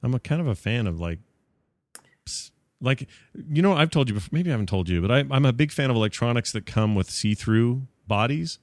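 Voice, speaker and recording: A man's voice: medium pitch, expressive, fairly quick, no room sound. A man co-hosting a podcast in casual chat, joking around and laughing often. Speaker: podcast co-host.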